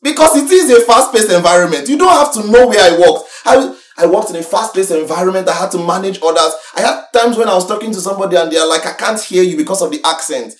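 Animated young preacher man. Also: quick pace, hardly any pauses. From Nigeria. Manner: animated, exhorting, with sudden swings in pitch and loudness. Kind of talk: sermon. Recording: roomy echo, mic from far off.

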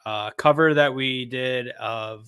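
A man's voice: medium pitch, slow pace, fairly bright tone, clean tone. A man appearing as a guest musician, chatting casually and easily with many fillers. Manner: easygoing, filler-heavy plugging. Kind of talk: casual chat.

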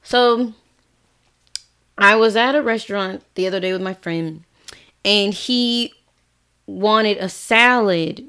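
A young woman on a casual podcast tells stories with lively, animated delivery and acts out everyone she quotes. Her voice sits at an ordinary middle pitch. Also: slow pace, pauses often, smooth. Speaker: English teacher abroad.

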